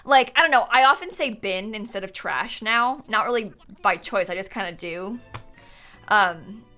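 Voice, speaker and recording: A woman in her twenties chatting casually on a live stream while gaming, animated and laughing often as she answers her chat. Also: mid-range voice, normal speed, faint music behind. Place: home setup, lives in Florida.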